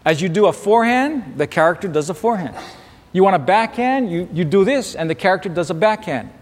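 High-voiced animated man preaching. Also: a little fast, big-room sound. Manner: animated storytelling, acts out shouting at the screen. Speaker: pastor. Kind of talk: sermon with personal story.

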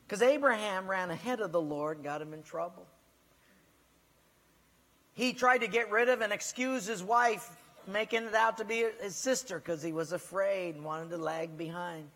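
High-voiced pastor in a reverberant hall. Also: male voice, bright, forceful tone. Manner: questioning the congregation directly, storytelling. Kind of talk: sermon.

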